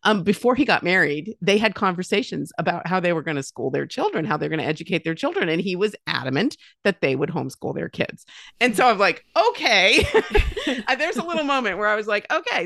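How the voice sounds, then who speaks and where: A woman's voice: low-pitched, gravelly, no room sound, studio quality. A woman in her fifties, a mother with grown children, telling stories in casual conversation, often acting out what others said. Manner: warm storyteller, lively quoted voices, many restarts. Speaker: podcast guest.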